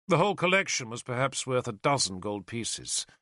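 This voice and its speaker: Here a man reads an audiobook aloud, telling the story expressively. His mid-range voice keeps a normal pace, and the studio-quality recording has no echo.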